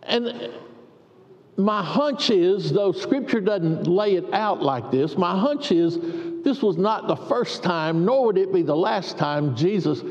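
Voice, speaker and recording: Pastor, higher man's voice, slow folksy sermon delivery, dull echoey hall. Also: lively intonation, darkish tone. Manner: storytelling, folksy, with long pauses.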